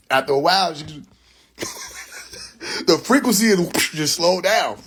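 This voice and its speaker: A man tells a story casually on a live stream, with frequent laughter, sound effects and swearing. His voice sits a little high and has a husky edge. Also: measured pace, pauses often. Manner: animated, laughs often, profane, sound effects.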